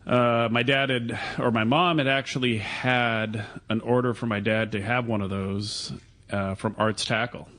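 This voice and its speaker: A man guesting on a radio talk show, recounting a story at length in a relaxed, chatty way. His voice sits at an ordinary middle pitch, and he rambles through the tale with loose asides. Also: unhurried. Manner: chatty, long-winded storytelling. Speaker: guest reel builder. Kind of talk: casual radio interview.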